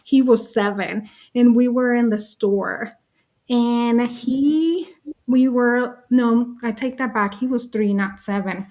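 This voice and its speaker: A woman with a fairly high voice tells personal stories with real animation, acting out each voice as she goes. She speaks as a panelist over a video call. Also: slow pace. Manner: lively, acts out voices in her stories. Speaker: summit panelist, parent.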